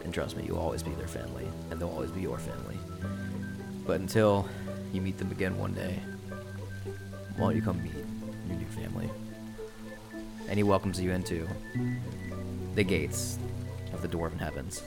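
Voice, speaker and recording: A man running a tabletop game as game master, narrating in a slow, solemn storytelling manner over background music. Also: deep voice, vocal fry.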